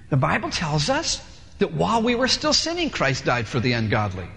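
A male pastor preaching a sermon in a lively way, acting out dialogues in different voices, in a large church hall. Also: a little high, normal speed, vocal fry. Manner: animated, acts out dialogues with shifting voices. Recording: long hall reverb.

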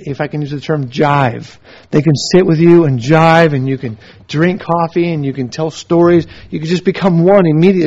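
A man's voice: on the high side, darkish tone. A man, a missionary teacher, giving a sermon-style talk in emphatic, repetitive runs of short phrases and stories. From United States. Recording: dull lo-fi recording.

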